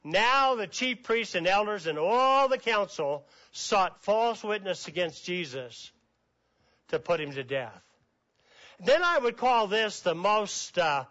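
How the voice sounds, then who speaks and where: A male pastor preaches an Easter sermon in a folksy, storytelling manner and reads scripture aloud between his remarks. His voice sits high for a man. The recording sounds dull and lo-fi. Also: pushed and bright.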